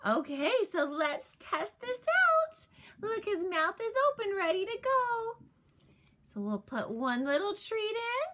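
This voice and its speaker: A woman narrates a toy unboxing from off camera, her very high voice rising and falling in a lively, sing-song way. She talks slowly and gushes over the toy with frequent giggles. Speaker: toy reviewer.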